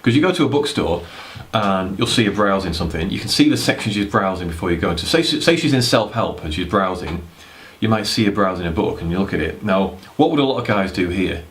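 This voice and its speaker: A young man with a deep, low voice talks straight to camera in a loose, rambling way. He is blunt and drops in a curse word here and there. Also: expressive, fast, a bit bright. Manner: rambling, blunt, swears casually. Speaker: dating advice vlogger. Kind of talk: casual talking-head advice.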